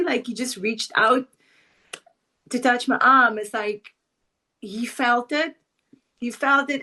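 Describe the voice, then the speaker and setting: A woman's voice: medium pitch, a bit bright. Earnest South African woman, heartfelt. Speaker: podcast co-host. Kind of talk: casual chat.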